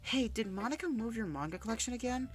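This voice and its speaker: A man's voice: very high-pitched, expressive, fast, soft background music, pitched above the performer's own voice. A man voicing a bubbly, cheerful teenage schoolgirl in a visual novel game, with a stuffy nose from sinuses. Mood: pleading cheerful. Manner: whiny, pleading, playful.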